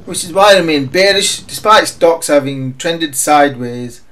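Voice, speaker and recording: A man's voice: on the high side, expressive, moderate pace, fairly bright tone. A man reading scripted market commentary in an emphatic, sardonic way. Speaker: market analyst.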